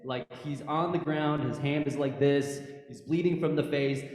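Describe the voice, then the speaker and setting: Animated man telling stories in an echoey church hall. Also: fairly high pitch, moderate pace. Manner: animated storyteller, repeats himself, rhetorical "right?". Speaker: panelist, prosecutor and former police officer. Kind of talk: storytelling talk to a church audience.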